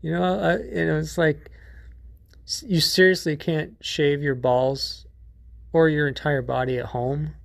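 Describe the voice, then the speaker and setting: A man's voice: a little high, steady tone, measured pace, gravelly, no room sound, studio quality. A man hosting a podcast in a casual monologue, rambling and profane, with many restarts. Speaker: podcast host.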